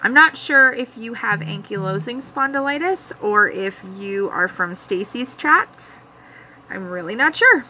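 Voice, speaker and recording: A woman's voice: fairly high pitch, lively intonation, measured pace, sharp tone, a little hiss or hum, rough recording. A young woman from Canada with a Canadian accent, rambling casually to viewers during a live chat from her home. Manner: rambling, chatty, talks to viewers by name. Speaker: vlogger hosting a live chat.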